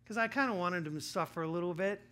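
Bright-voiced male pastor preaching. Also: high voice, quick pace. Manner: storytelling, shifts from hushed to loud emphatic preaching. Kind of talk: sermon with personal story.

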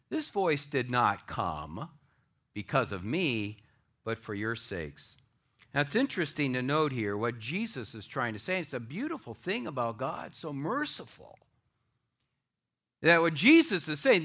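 A male pastor delivers a sermon to a live church audience with a raised, bright, ringing voice. His pitch leaps and falls expressively. He swings from loud declarations to hushed, near-whispered asides. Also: sing-song, unhurried.

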